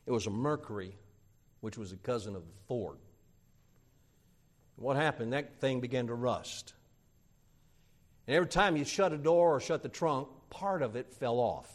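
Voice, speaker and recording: Animated pastor telling a sermon story. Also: male voice, mid-range voice, normal speed, long pauses. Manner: animated storyteller acting out quoted voices.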